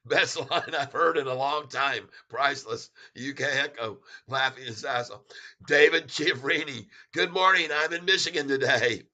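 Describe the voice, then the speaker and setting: A man's voice: medium pitch, moderate pace, pushed and bright. A man hosting a casual stock livestream, chuckling often as he reads the chat aloud and talks straight to viewers.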